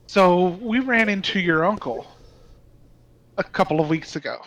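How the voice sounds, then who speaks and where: A man playing a male elf who questions others in a measured, polite, probing way. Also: sits high, animated, fairly bright tone, exaggerated voice, poor audio.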